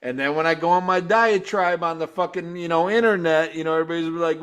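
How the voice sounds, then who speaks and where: A man with a high-pitched speaking voice hosts a live talk show and reviews a concert in a profane rant. He sounds exasperated and swears in nearly every line, and he breaks into loud mocking imitations of singers and guitars. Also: lively intonation, normal speed. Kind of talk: profane ranting commentary.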